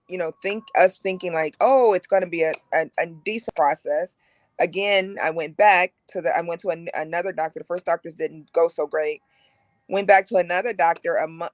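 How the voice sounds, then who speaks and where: A woman in her forties frankly telling her own story as a guest on a broadcast talk, animated and lively in how she recounts it. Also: on the low side, dry recording. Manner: animated, frank, acts out quoted voices.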